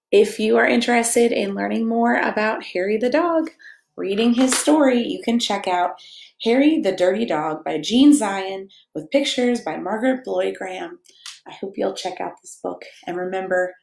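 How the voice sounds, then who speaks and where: A woman reading a picture book aloud to children in a playful, animated way, chatting to them and to her dog between pages. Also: medium pitch, gravelly, slight background noise. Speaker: children's story reader. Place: church or home room, echoey. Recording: echoey room.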